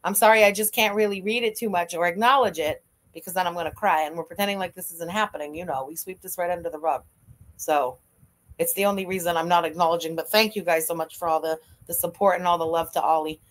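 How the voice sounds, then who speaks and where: A woman's voice: fairly low pitch, fairly even intonation, fast talker. A young woman streamer giving blunt, profane, mocking live reaction commentary and thanking viewers for donations. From Canada.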